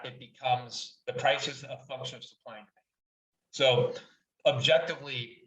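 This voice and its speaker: A man's voice: mid-range voice, a bit bright. A middle-aged man talking as a guest in a casual interview, candid and enthusiastic, swearing freely. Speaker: guest, wine writer. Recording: distant, roomy, dull audio.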